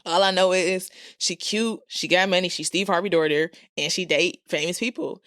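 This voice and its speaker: A woman's voice: fairly low pitch, steady tone, moderate pace, a bit bright, dry recording, studio quality. A woman co-hosting a podcast in casual chat, blunt and slangy in her opinions.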